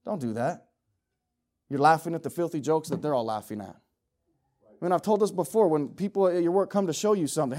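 A middle-aged man preaching a sermon, swinging from loud urgent exhortation to low joking asides with the congregation. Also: lively intonation, fast talker.

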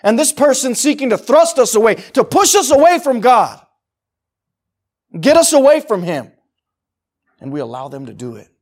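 Middle-aged male pastor, high voice, emphatic conversational sermon delivery with repeated phrases. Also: sing-song, moderate pace, pauses often.

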